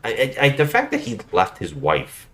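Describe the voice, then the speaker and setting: A man co-hosting a podcast, recapping a bad movie in casual chat, animated and swearing freely. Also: fairly low pitch, normal speed. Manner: animated, swearing, acts out scenes in loud put-on voices. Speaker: podcast co-host.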